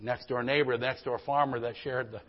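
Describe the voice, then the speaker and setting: A man's voice: mid-range voice, fairly even intonation, a little fast. A male pastor preaching a sermon in a church, with emphatic call-and-response and folksy storytelling asides. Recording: dull lo-fi sermon recording.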